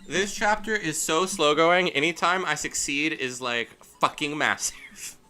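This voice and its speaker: A man's voice: a little high, measured pace, pushed and bright, smooth, faint music behind. A male streamer giving casual, goofy gameplay commentary, amusing himself as he talks. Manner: goofy, self-amused talking to himself.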